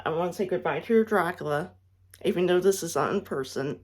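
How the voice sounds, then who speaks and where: A woman's voice: lowish voice, darkish tone. A young woman giving an emotional farewell message, close to tears, sighing and restarting her sentences often. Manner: halting, tearful, many restarts and sighs. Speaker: fan vlogger.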